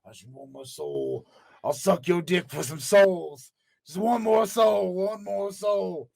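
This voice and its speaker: A man doing an impression of a brooding male wrestler, slowly pleading for one more soul, his throat strained. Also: high-pitched, steady tone, gravelly, a little mellow, no echo, exaggerated voice. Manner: slow, drawn-out pleading.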